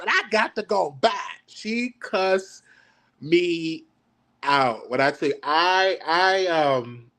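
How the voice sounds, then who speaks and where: His voice leans high and a bit bright, expressive and slow-paced. As host of a casual reaction chat, he stammers and gets flustered while teasing himself.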